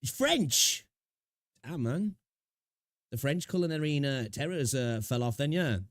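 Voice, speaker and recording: A man's voice: fairly high pitch, normal speed, darkish tone, no room sound, clean studio sound. A young man chatting casually on a live stream, reacting to videos, talking to his chat with slang and frequent laughs.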